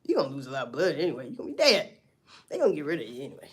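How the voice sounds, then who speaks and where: A woman's voice: deep voice, sing-song, very fast, husky. A woman doing casual livestream commentary, blunt and profane as she talks through a story. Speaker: livestream host.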